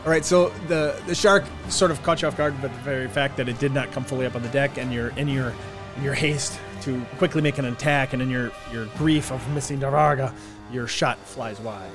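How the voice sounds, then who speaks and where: Male game master, relaxed narration over background music. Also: medium pitch, a little fast. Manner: relaxed, descriptive, with fillers.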